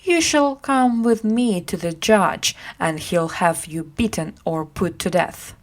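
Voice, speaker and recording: A woman voicing a grown man on the road in a storybook reading, slow and earnest. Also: fairly low pitch. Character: kind traveling man who turns stern.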